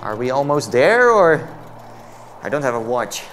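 A man's voice: mid-range voice, big pitch swings, unhurried, a bit bright, faint music behind. A man giving let's-play commentary on a game. He is jumpy and jokey, exclaiming and laughing as he plays. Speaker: VR gameplay commentator.

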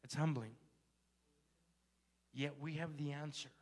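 A man's voice: fairly high pitch, steady tone, slow, a little mellow. A male pastor telling a story in a sermon and building to fervent exhortation. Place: church sanctuary.

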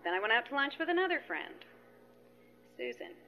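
A woman's voice: a little high, wildly swooping pitch, a little fast, slight background noise. A middle-aged woman sharing at a spiritual gathering, telling a tangled personal story with many asides and retold conversations. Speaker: participant sharing at a spiritual retreat. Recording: dull lo-fi recording.

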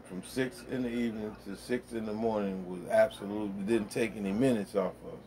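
A man's voice: lowish voice, fairly even intonation, fairly quick, few pauses, mellow, a little hiss or hum. A middle-aged man rambling bluntly in a casual monologue, full of profanity, recorded at home in his man cave. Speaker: vlogger.

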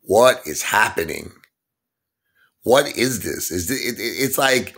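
Middle-aged New man, fed-up vlog rant, lowish voice, lots of rhetorical questions. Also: expressive, takes it slowly, pauses often, fairly bright tone, husky. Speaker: online stock vlogger. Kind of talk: ranting vlog monologue.

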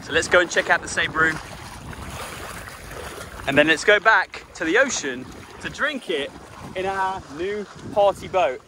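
A travel vlogger with a high voice narrates casually to the camera outdoors on a beach and street, playful and joking. He speaks unhurriedly with long pauses, and the camera mic picks up outdoor noise.

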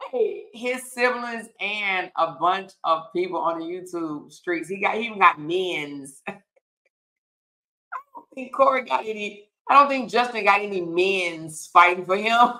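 A woman's voice: mid-range voice, sharp tone. A woman hosting a casual livestream, reading viewer comments aloud, laughing often and calling her viewers y'all, child and honey. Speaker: livestream host. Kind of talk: casual live-stream chat reading comments.

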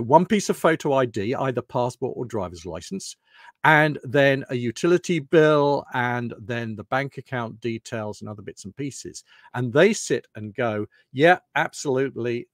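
A man's voice: medium pitch, no room sound. British guy rambling thru a lunchtime talk, lots of stories and restarts, dead dry sound. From United Kingdom. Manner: rambling, anecdotal, loose restarts. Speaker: presenter.

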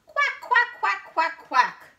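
A woman voicing a loud, cheerful female duck in a storybook read-aloud, with shrill quacks. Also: very animated, takes it slowly, full character voice. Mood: quacking.

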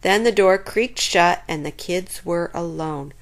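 A woman reading a children's chapter book aloud in an expressive, lively way. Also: lowish voice, a little slow. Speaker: storyteller.

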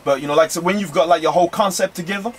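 A man's voice: high-pitched, rapid-fire, faint music behind. Laid-back slangy rapper man. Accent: American Southern. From London. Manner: laid-back, slangy, many fillers like "man" and "you know". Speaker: rapper guest. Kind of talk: casual radio interview. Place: radio studio.

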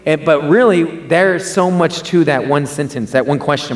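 A man's voice: fairly high pitch, moderate pace. Conversational male preacher. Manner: conversational, repeats and restarts words, rising for emphasis. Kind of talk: sermon.

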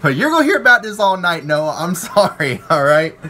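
A welder rants to his viewers, rambling and aggrieved as he retells the trouble in other people's voices. His voice is bright and forceful, pitched a little high, and a faint room noise sits under it. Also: sing-song, brisk. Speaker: welder and channel owner. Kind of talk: ranting to camera.

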